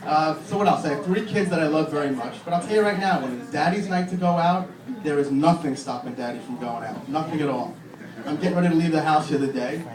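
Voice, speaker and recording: A male stand-up comedian in his thirties with a fairly high voice performs a deadpan, crude set in a comedy club. He's recorded from far off in an echoey room, with audience laughter and room noise in the background.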